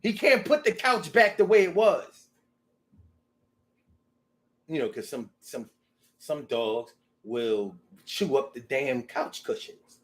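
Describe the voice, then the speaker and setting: High, lively-voiced man ranting casually. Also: slow, long pauses. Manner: animated, profane, rambling. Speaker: vlogger. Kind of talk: casual monologue.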